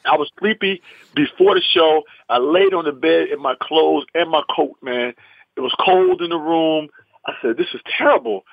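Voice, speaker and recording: A man's voice: fairly high pitch, moderate pace, creaky, no room sound, narrow, tinny audio. A male comedian from the US East Coast telling an anecdote in punchy bursts, often tossing in "man". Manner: animated, punchy, repeats "man". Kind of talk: storytelling anecdote.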